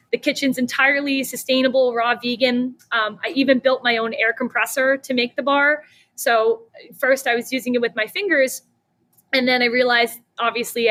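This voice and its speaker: A young woman telling her story as a podcast guest, chatty and animated, with lots of "um" and "like". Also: on the high side. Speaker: guest, snack company founder. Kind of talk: casual interview storytelling.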